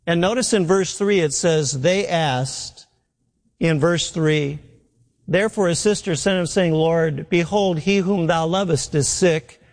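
A man's voice: on the high side, unhurried, long reverb tail. A man preaching a sermon in an earnest, emphatic way, repeating his key phrases.

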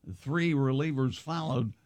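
A man's voice: medium pitch, darkish tone, dry recording. A man reading sports scores and odd news items on a radio show, joking with his co-hosts between items. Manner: joking, reads scores briskly.

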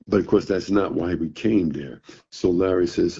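An older man, a blues musician, telling a story to an interviewer in a halting, casual way with fillers and repeated words. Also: low voice, fairly even intonation, dark tone, slightly rough. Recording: dull, muffled recording.

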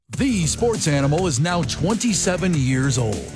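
A man's voice: on the high side, big pitch swings, a little slow, hardly any pauses. A man voicing radio station promos with a punchy, emphatic delivery. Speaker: station imaging announcer. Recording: music bed under voice.

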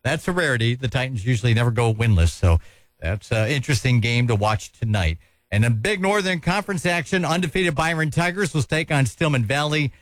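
Upbeat male radio host, lively delivery. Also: medium pitch, no room sound. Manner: upbeat, chatty, reads listings briskly. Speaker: radio morning show host. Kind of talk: casual radio chat and announcements. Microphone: studio microphone.

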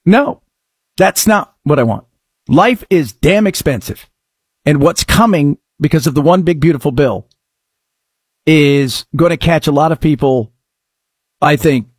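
A man hosting a talk radio show, delivering a sarcastic, animated monologue. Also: a little high, slightly rough, no echo, clean studio sound.

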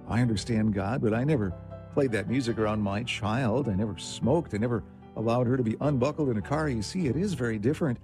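A man narrates a short story in an expressive reading style, his voice mid-pitched and steady. Faint instrumental music plays underneath him throughout. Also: fast talker. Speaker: story segment reader. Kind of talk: scripted narration.

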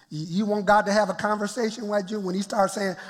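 A male pastor preaching a lively sermon in a church, often chuckling and calling out to the congregation. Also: sits high. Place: church sanctuary. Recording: long church reverb.

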